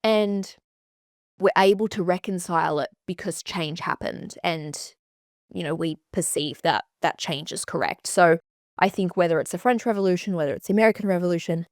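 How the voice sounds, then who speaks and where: A woman hosting a podcast, chatting in an animated way and swearing freely. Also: lowish voice, normal speed, no echo, studio quality. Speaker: podcast host. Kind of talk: casual chat.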